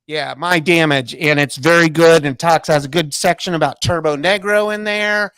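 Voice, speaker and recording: A man's voice: fairly high pitch, normal speed, a crowd in the background. A man co-hosting a music podcast, chatting casually and often stumbling over repeated words. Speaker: podcast co-host. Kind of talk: casual chat.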